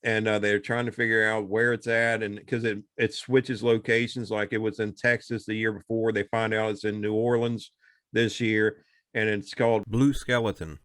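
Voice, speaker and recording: A podcast co-host casually recounts a movie, rambling along and animatedly performing the characters' lines. His voice is lowish at a normal speed, recorded in studio quality with no echo.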